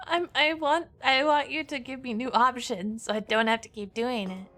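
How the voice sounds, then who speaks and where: Bright high-voiced playful woman streamer. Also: fairly even intonation, moderate pace, faint music behind. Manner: playful, giggly, sings silly noises. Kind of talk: casual gameplay commentary.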